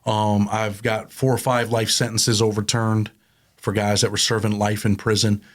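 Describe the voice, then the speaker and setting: A middle-aged man talking as a guest in a casual interview, telling stories in animated, plain street talk. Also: fairly low pitch, normal speed. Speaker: guest, prison consultant.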